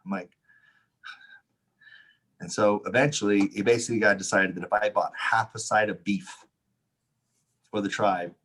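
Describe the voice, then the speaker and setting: A man with a slightly low, husky voice spins a loose, profane story in casual conversation. He acts out the voices of the people in it and laughs his way through the telling. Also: a little slow, pauses often. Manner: animated anecdote, acts out quotes, laughs often, swears. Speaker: Taoist teacher, podcast co-host.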